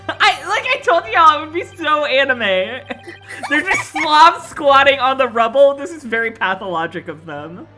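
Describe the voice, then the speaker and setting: A woman's voice: high voice, big pitch swings, moderate pace, music in the background. A woman with an American accent, streaming and chatting casually with friends while they play a game, laughing and swearing freely.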